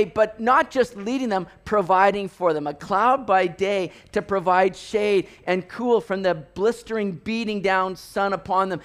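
A man preaching a sermon, telling stories with animated delivery and acting out the voices of people in them. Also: high-pitched. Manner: animated storytelling, acts out voices, rising to near shouts. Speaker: pastor.

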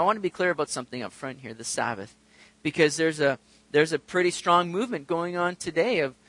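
High, bright-voiced man preaching a sermon. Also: no echo. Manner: conversational preaching with rising emphatic peaks. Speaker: pastor.

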